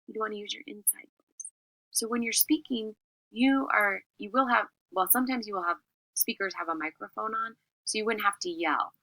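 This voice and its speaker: Bright, crisp teacher woman. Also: mid-range voice, no room sound, low-quality recording. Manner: clear, expressive, emphatic delivery. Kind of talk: classroom lesson on public speaking.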